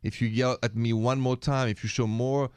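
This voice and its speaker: A man's voice: mid-range voice, flat delivery, normal speed, a little mellow, clear, resonant tone. A man with a French accent co-hosting a relationship advice radio show. He speaks in an earnest, emphatic way. The studio sound is close and dry, with no room echo. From France.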